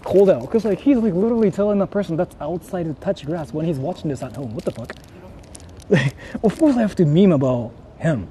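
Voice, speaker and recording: A man's voice: fairly high pitch, expressive, brisk, dark tone, a little hiss or hum. A young man vlogging outdoors, talking casually with lots of swearing, laughing and repeating himself. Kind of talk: casual IRL vlog. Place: outdoors in a city.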